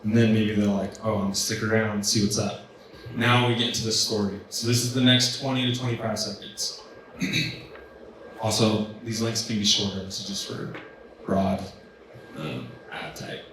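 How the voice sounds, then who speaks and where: Laid-back male coach in an echoey hall. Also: fairly low pitch. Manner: loose and conversational, many ums and likes. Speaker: business coach presenting at a trade event. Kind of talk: casual workshop presentation. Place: large event room with an audience. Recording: very echoey hall, distant mic, faint hiss.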